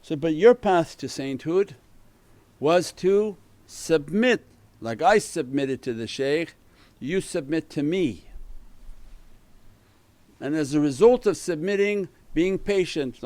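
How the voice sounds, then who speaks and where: A man's voice: a little high, lively intonation, slow pace, pauses often, darkish tone, no room sound. Earnest man giving a religious talk. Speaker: spiritual teacher.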